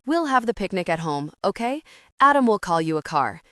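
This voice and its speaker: Woman voicing a calm businessman husband, patient, reassuring, lively pitch, dry close sound. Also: brisk, no room sound.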